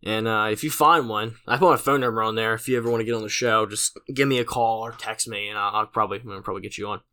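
A man's voice: lowish voice, fairly even intonation, fast talker, pushed and bright, clear, resonant tone. A teenage man hosting his own podcast, rambling casually with lots of fillers and self-deprecating asides. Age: late teens. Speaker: podcast host. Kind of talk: casual solo podcast monologue.

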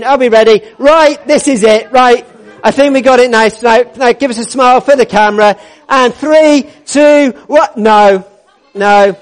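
High-voiced man, upbeat and jokey. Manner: upbeat, jokey, coaxing people into place. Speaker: church service leader. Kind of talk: leading a congregation activity. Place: church hall with a congregation.

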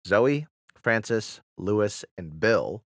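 A man's voice: fairly low pitch, animated, slow pace, no room sound, clean studio sound. A young man co-hosting a casual podcast, joking, swearing and stumbling while reading aloud. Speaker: podcast co-host. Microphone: studio mic.

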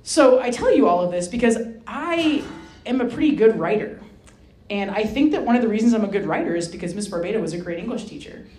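A woman from Rhode Island, a Franciscan sister, telling a personal story as a guest speaker, lively and self-mocking, acting out the voices in her story. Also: medium pitch, fast talker. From Rhode Island, USA. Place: hall with an audience. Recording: roomy echo.

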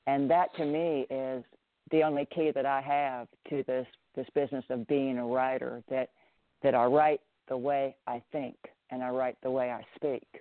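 A middle-aged man from the Southern United States, speaking with a Southern US accent, is a writer answering interview questions with care, often restarting and repeating words. His voice sits in the mid range with little pitch movement, at a normal speed. The phone-quality recording has no room sound.

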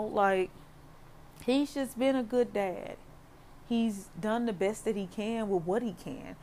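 A woman's voice: on the low side, slight background noise. A young woman who works as a therapist, talking casually and heartfelt on her podcast, with many "you know" fillers. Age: young adult.

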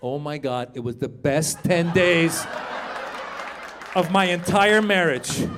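Fifty-something guy doing stand-up, high voice, real lively, club mic w faint room hum. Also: slow pace. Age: 50s. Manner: animated, crowd work, acts out characters. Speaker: stand-up comedian. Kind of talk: stand-up comedy set. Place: comedy club stage.

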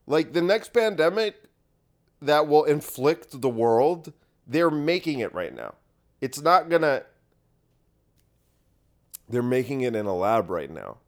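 Congested male podcast host, solo rant, mid-pitched, rambling, sarcastic, foul-mouthed. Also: very animated, measured pace, pauses often.

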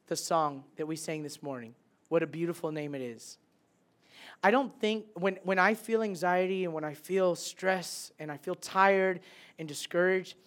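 A man preaching a sermon as a pastor, animated, swinging between loud bursts and hushed, quiet lines. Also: sits high.

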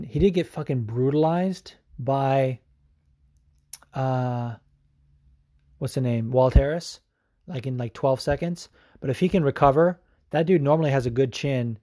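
Male podcast host, casual, profane, rambling; mellow voice, dry close mic. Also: mid-range voice, dry recording. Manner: profane, rambling, frequent fillers.

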